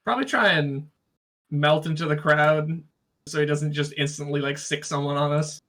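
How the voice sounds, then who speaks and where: A man's voice: on the high side, fairly even intonation, normal speed, a bit bright. A man playing a tabletop game, chiming in with short casual remarks. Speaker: player.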